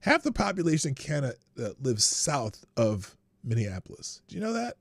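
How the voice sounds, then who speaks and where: A man's voice: fairly high pitch, very animated, normal speed, no room sound, clean studio sound. A man hosting a live stream, chatting casually and rambling, with frequent laughs and restarts. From United States. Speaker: livestream show host.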